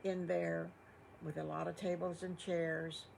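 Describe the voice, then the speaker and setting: A woman's voice: lowish voice, flat delivery, a little slow, vocal fry, a little mellow, slight background noise. An older woman voicing a kind, chatty farmer husband in a storybook, in a rambling, homey way.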